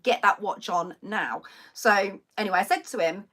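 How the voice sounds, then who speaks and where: A woman's voice: on the low side, moderate pace, pushed and bright. A young woman, a singer hosting a live stream, chatting in a rambling, self-mocking way. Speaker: singer and livestream host. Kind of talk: casual chat to a live stream audience.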